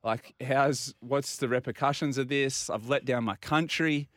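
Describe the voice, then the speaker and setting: Aussie bloke spinning a yarn, acts out all the dialogue, mid-pitched, dead dry studio sound. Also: male voice, measured pace, no room sound. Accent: Australian. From Australia. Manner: animated anecdote, acting out quoted dialogue. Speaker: regular guest. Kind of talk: casual storytelling.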